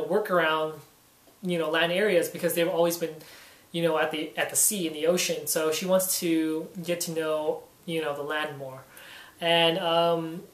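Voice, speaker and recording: A man giving a casual spoken comic book review, rambling and leaning heavily on "you know" fillers. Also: high voice. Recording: roomy echo.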